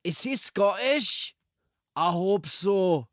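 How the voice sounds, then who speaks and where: A man's voice: very high-pitched, lively intonation, takes it slowly, fairly bright tone, no echo, clean studio sound, voice pushed up, exaggerated voice. A man putting on a shaky half-Scottish accent. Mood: teasing. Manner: mock-solemn, profane, teasing. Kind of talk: casual chat with a live audience.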